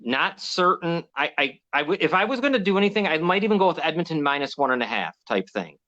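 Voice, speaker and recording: A man's voice: on the high side, very animated, fast talker, sharp tone. A man hosting a casual sports show, rambling and hesitant, often restarting his sentences. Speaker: host. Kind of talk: casual sports betting chat. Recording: dull lo-fi sound.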